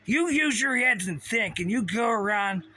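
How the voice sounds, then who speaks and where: A man's voice: high voice, expressive, moderate pace, sharp tone, slight background noise. A man ranting to camera in a heated way, swearing often and firing off rhetorical questions. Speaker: vlogger. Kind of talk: profane conspiracy rant to camera.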